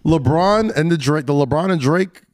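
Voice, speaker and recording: Animated, argumentative man in casual debate. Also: a little high, moderate pace, no room sound. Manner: animated, argumentative, restarts often.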